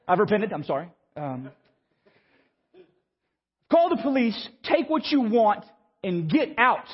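A man, preaching a sermon and telling a story in an animated, stammering, self-mocking way. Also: high-pitched, husky. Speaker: pastor. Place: church sanctuary. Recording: muffled sound with long hall reverb.

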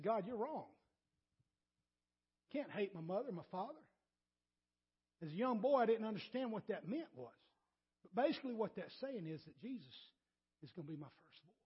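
A male pastor preaches to his congregation with a strikingly high, raspy voice, repeating himself as he builds a point. He calls on listeners by name and moves between near-whispered asides and loud, emphatic lines. The recording is muffled and lo-fi. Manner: swings from quiet to loud and emphatic. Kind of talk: sermon.

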